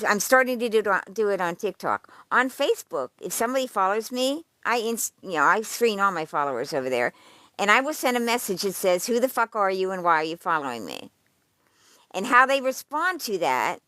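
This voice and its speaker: A woman's voice: medium pitch, fairly bright tone, clean tone, no room sound. Woman, livestream host, blunt, profane, rambling, restarts sentences, dry close sound. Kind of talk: casual chat commenting on a list she reads aloud.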